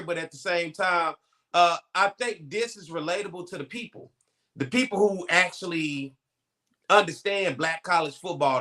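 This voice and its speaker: A man co-hosting a sports talk show, joking loudly and swearing freely. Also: high-pitched. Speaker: sports co-host and radio host.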